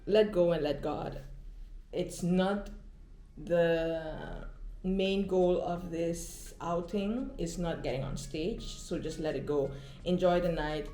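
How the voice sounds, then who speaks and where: A woman's voice: fairly low pitch, slow, warm tone, reverberant, faint music behind. A woman vlogger chatting casually outdoors, telling a concert story with many fillers and acted-out quotes, recorded on a phone. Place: outdoors, walking in the Netherlands.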